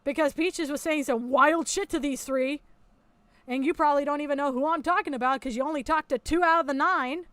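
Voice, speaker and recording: A woman's voice: high-pitched, brisk, a bit bright, dry recording. A woman hosting a commentary video, mocking and sarcastic, swearing a lot as she talks over a recorded call.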